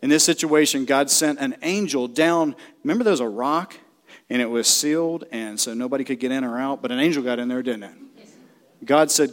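A middle-aged man preaching a sermon, shouting and emphatic, acting out the people in the story. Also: fairly high pitch, brisk. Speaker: pastor.

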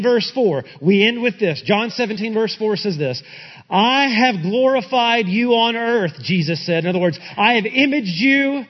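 A pastor preaching a sermon and closing in prayer, swinging from loud emphatic peaks to quiet asides. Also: male voice, very high-pitched. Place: church sanctuary. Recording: dull recording in a reverberant church hall.

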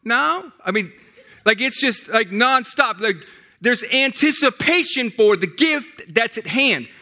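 Male pastor, sermon, very high and piercing tone, emphatic repeats. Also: expressive, measured pace, pushed and bright. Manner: emphatic and repetitive, with many restarts.

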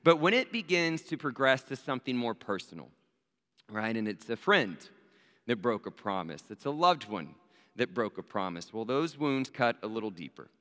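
A man's voice: mid-range voice, sing-song, moderate pace, bright, forceful tone. Man preaching in a reverberant hall. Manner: conversational, addresses listeners directly with rhetorical "right?". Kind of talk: storytelling sermon.

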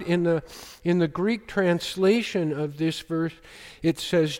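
A man preaching a sermon as pastor, slow and emphatic, often quoting scripture. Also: fairly high pitch, darkish tone, long reverb tail.

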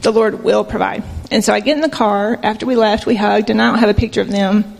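Gravelly woman giving church testimony. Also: medium pitch, fairly even intonation, quick pace, long reverb tail. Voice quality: soft-spoken. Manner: earnest, conversational, emotional storytelling with fillers. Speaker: church member sharing a mission trip testimony. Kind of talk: personal testimony to a congregation.

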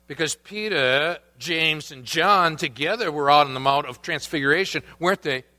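A man preaching a sermon as pastor, reading scripture quotes aloud and moving between emphatic rises and quiet asides. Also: a little high, moderate pace.

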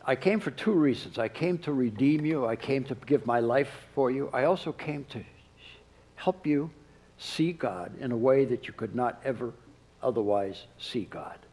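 A man preaching a sermon, who drops to a soft hush when he quotes. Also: medium pitch, normal speed, poor audio. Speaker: pastor.

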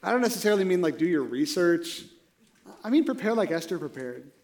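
High-voiced conversational man preaching. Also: sing-song, fairly quick, a little mellow. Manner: conversational, rhetorical "right?" asides. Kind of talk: sermon.

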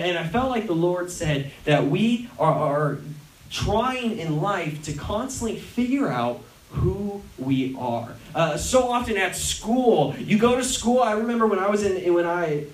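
A man preaching a casual, animated sermon and acting out other people's voices. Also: high-pitched. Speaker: pastor. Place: church hall. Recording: echoey church hall from far off, faint hiss.

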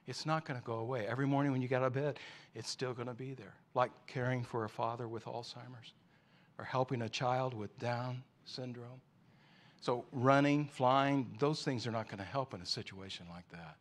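A man preaching a sermon, a storyteller who climbs to loud peaks and drops to soft near-whispers. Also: medium pitch, steady tone, moderate pace. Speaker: pastor.

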